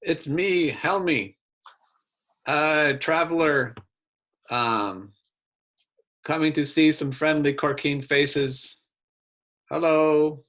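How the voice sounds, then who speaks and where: A man's voice: a little high, extremely slow, long pauses, a bit bright, voice pushed up. A man voicing a jolly female wandering traveler in a tabletop game, with a put-on hearty accent. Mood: jolly, warm.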